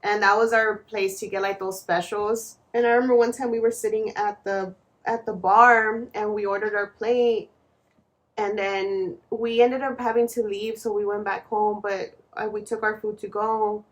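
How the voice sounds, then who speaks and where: A woman co-hosting a podcast, telling stories in a lively casual way and acting out what people said. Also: mid-range voice, moderate pace. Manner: animated storytelling, acts out quotes. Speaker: podcast co-host. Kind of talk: casual chat.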